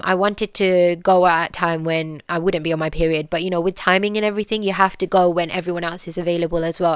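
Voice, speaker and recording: Young british woman, low-ish voice, smooth and clear, talking softly about her own life. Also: no room sound. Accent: British English. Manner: soft-spoken, frequent ums and likes. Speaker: podcast guest sharing her story. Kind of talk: candid personal storytelling.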